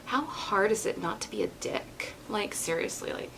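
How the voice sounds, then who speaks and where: A woman's voice: medium pitch, expressive, moderate pace, noisy background. A woman vlogging in a casual, giggly, rambling chat.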